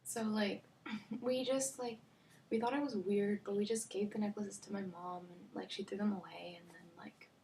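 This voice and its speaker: A woman's voice: mid-range voice, steady tone, moderate pace, dark tone. A young woman telling a storytime vlog in a chatty way, full of "like" fillers, often dropping to a near-whisper. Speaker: vlogger. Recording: faint background noise.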